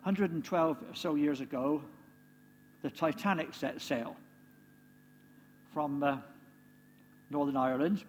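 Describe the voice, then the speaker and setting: A man delivers a relaxed, chatty sermon, checking in with his listeners through tag questions. His voice sits a little high for a man. The recording carries a long hall reverb and a faint hum underneath. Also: takes it slowly, pauses often. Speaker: preacher.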